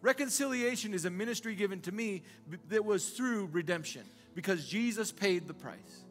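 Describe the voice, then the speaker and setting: A man's voice: sits high, lively intonation, moderate pace, soft background music. A male pastor preaching a sermon in a conversational way, asking the congregation rhetorical questions again and again.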